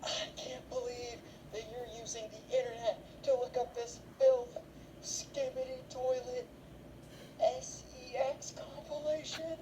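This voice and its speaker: A man voicing a furious middle-aged mother who is scolding her son in a shrill voice. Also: level tone, a little slow, distant mic. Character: screaming shocked middle-aged mom. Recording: noisy background.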